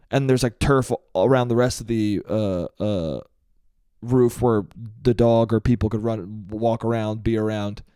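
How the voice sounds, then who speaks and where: A man's voice: medium pitch, a little mellow, no room sound, studio quality. A man telling a long, rambling comic story on his own podcast, laughing at himself and saying "dude" often. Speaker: podcast host. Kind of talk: solo comedic storytelling.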